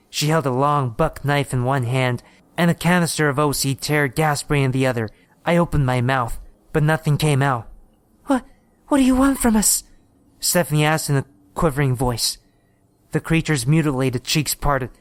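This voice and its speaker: A man reading a horror story aloud in steady, measured scripted narration. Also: medium pitch, smooth, no room sound.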